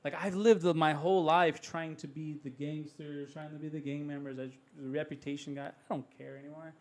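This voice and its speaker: A man with a slightly high voice, talking as a podcast guest. He shares a faith testimony in an earnest, heartfelt way and speaks like a father of young children. He sometimes slips into voicing his own prayers. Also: little pitch movement, brisk, a little mellow.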